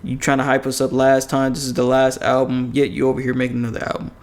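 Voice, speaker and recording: A man's voice: medium pitch, completely flat delivery, fast talker. A man co-hosting a casual podcast, giving blunt, rambling opinions with lots of swearing. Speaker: podcast co-host.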